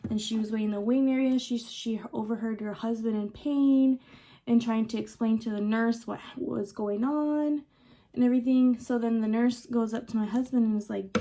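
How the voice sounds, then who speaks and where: A young woman vlogger telling a story casually, animated and full of "like" and quoted dialogue. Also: fairly high pitch, moderate pace. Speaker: beauty vlogger. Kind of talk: casual storytelling while doing lash extensions.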